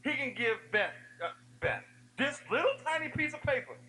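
A man giving an energetic youth sermon, telling funny stories and speaking straight to the audience. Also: very high-pitched, normal speed, a little hiss or hum, poor audio. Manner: animated storytelling with humor; addresses the audience directly.

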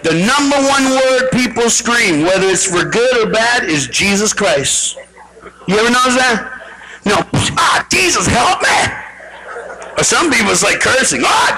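A man telling a comic story on stage, animated and mimicking voices, laughing as he goes. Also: very high-pitched, moderate pace, poor audio. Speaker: Christian comedian. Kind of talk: stand-up comedy story. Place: large hall with live crowd. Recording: crowd noise from live audience. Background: audience.

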